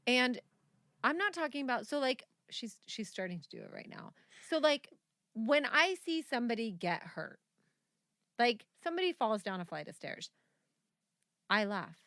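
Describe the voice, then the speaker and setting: A young woman co-hosting a casual podcast chat, animated and quick to laugh, swearing freely as she tells stories. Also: on the high side, no echo, studio quality. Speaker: podcast co-host.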